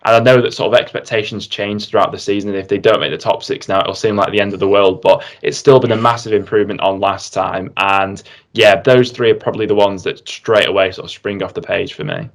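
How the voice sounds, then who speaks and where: A man's voice: lowish voice, fairly even intonation, brisk, few pauses. A young man, a guest in a casual football chat, easygoing and thinking aloud with "um" and "sort of".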